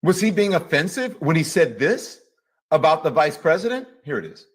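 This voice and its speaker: Brief: male commentator, fairly high voice, sarcastic rant full of rhetorical questions. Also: big pitch swings, normal speed, breathy edge. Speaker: political commentator. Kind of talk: ranting monologue to camera.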